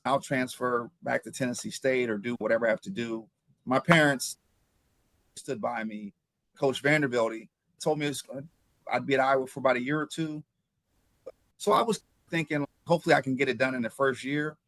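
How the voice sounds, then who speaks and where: A man in his fifties from Ohio, a former pro football player recounting his journey as an interview guest, with animated telling and frequent repeated words. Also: medium pitch, a little fast, no room sound. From Ohio, USA. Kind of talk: interview storytelling.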